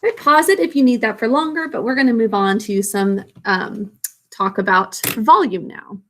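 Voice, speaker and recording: A woman's voice: fairly high pitch, moderate pace, fairly bright tone. Teacher woman talking through a lesson. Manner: casual, thinks aloud with self-corrections. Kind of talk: recorded classroom lesson.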